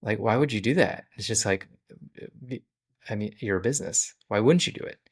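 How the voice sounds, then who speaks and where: A man with a fairly low voice talks through his business plans in a relaxed vlog. He explains each step plainly and conversationally, like an owner showing how he runs things. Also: fairly quick, slightly rough.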